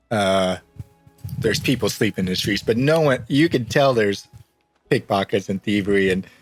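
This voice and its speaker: A man's voice: fairly low pitch, no room sound. A man narrating as game master in a tabletop game, loose and rambling and often laughing.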